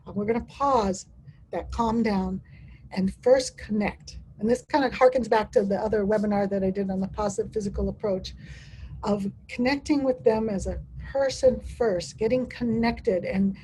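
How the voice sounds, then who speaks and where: A woman's voice: mid-range voice, mellow, slight background noise, poor audio. A woman presenting a dementia care training webinar over a video call, often speaking in first person as someone living with dementia, with frequent restarts.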